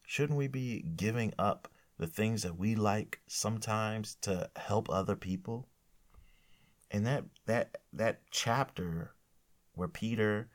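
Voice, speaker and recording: A man giving a conversational sermon, rambling at times and acting out little quoted exchanges. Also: lowish voice. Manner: casual, rambling, self-correcting, acts out quotes. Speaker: preacher.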